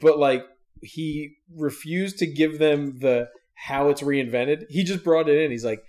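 A man's voice: on the high side, unhurried, a little mellow. A young man co-hosting a podcast, telling funny anecdotes in casual chat. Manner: storytelling, laughing, playing characters in anecdotes. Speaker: podcast co-host.

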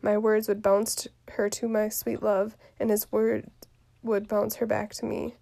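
A woman reading the part of an impatient lovesick teenage girl aloud from a play, quiet and soft with some words whispered. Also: medium pitch, flat delivery, measured pace, vocal fry. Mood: eager.

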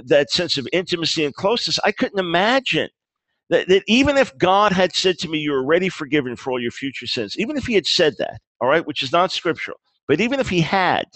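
A man's voice: on the high side, big pitch swings, fast, fairly bright tone, no room sound. A man being interviewed about his book, explaining his views earnestly, often restarting phrases and acting out quoted dialogue. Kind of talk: conversational interview.

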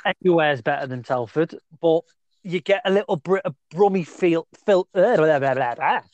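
A man's voice: fairly high pitch, normal speed, a little mellow, dry recording, muffled recording. A man co-hosting a podcast, bantering casually, laughing and swearing as he tells stories. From English West Midlands. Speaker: podcast co-host.

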